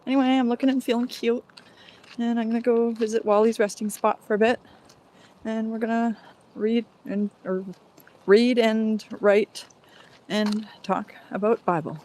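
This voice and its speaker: A woman's voice: medium pitch, level tone, normal speed, darkish tone. A woman streaming live from her phone while walking outdoors, chatting casually and meandering from thought to thought with the odd sigh. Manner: rambling, meandering, with sighs. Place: outdoors on a walk.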